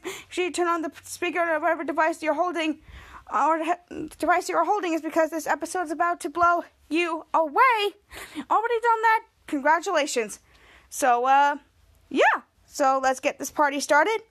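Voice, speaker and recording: A woman with a high voice hosts a podcast and recaps a TV episode. She rambles and restarts often, and slips into the characters' lines as she goes. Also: fairly bright tone. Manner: rambling retelling with many restarts, acting out lines. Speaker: podcast host.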